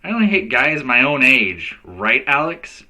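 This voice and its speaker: A man's voice: mid-range voice, big pitch swings, a little slow, sharp tone, heavily acted, poor audio. A man voicing a blunt, tough schoolgirl who likes to punch boys, reading a storybook aloud. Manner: blunt and threatening.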